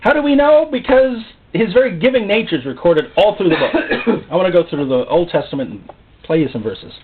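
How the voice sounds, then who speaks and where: A man preaching a sermon in an animated way, often acting out God's voice and the people he quotes. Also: sits high, fairly quick, husky. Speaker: pastor. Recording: phone-like narrow sound.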